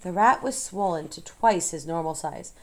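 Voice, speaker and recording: A woman narrating a storybook aloud in a measured, expressive way. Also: lowish voice.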